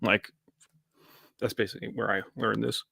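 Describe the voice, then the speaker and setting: A man's voice: lowish voice, flat delivery, normal speed, vocal fry, sharp tone, slightly rough, no echo, studio quality. A man streaming a live reaction, rambling casually with lots of fillers and restarts. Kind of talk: live manga reaction commentary.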